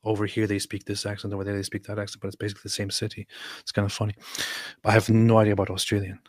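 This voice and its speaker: A man co-hosting a casual live stream, reading viewer comments aloud with quick asides. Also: on the low side, completely flat delivery, no echo. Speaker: co-host reading chat.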